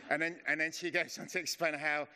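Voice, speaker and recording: A man's voice: on the high side, little pitch movement. A man, middle-aged, giving an informal, chatty and self-deprecating sermon as a preacher. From England. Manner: chatty and self-deprecating, slows to a hush in prayer. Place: church hall. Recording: long reverb of a church hall.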